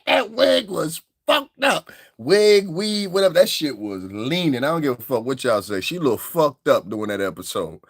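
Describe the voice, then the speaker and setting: A man's voice: a little high, a bit bright, dry recording, clean studio sound. A man with a Northeastern US accent ranting on a livestream, swearing freely, laughing a lot and mocking voices. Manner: profane, laughing, mocks voices. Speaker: online commentator. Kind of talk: livestream commentary rant.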